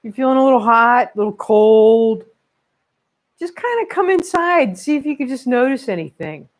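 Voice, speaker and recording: A woman's voice: on the high side, animated, moderate pace. A woman leading a children's yoga class at home, upbeat and encouraging as she talks young kids through each pose. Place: home room with her dogs. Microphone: camera she set up herself.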